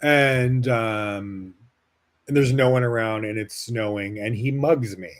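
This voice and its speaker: Man from Las Vegas, podcast host, mid-pitched voice, chatty and frank, fillers throughout. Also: slow. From Las Vegas, United States. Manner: casual, heavy use of "like" fillers, frank and animated. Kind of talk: personal storytelling.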